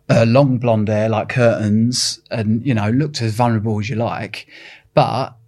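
Gravelly, husky man with an Essex accent. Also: on the low side, darkish tone. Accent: Essex English. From England. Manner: blunt, swears casually, rambling restarts. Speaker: interview guest. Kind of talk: candid storytelling interview.

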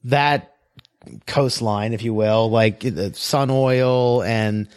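A man in his thirties telling stories in a casual podcast chat, animated and swearing freely. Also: medium pitch, slow pace, clear, resonant tone. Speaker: podcast co-host.

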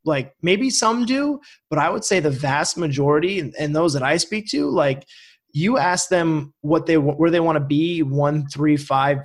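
A man's voice: a little high, measured pace. A young man from Vermont hosting a casual podcast chat, rambling with lots of fillers. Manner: rambling, filler-heavy, laughs easily. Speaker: podcast host.

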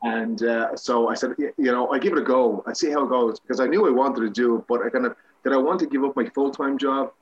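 A man's voice: mid-range voice, fast, highs cut off, a little hiss or hum. An Irish man, a guest actor, telling rambling, self-mocking anecdotes with many restarts in a casual interview.

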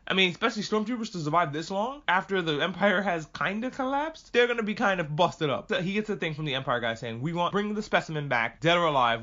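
Male podcast host, quick and slightly high, swears freely, rambling recap, dull lo-fi audio. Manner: profane, animated, jumps between tangents. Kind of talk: casual ranting recap.

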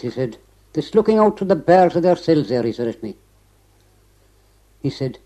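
A man's voice: fairly high pitch, expressive, normal speed, long pauses, warm tone, rough recording. An older Irish man recounting a long memory in an interview, rambling and constantly repeating "he said" and restarting his phrases. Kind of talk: oral history recollection.

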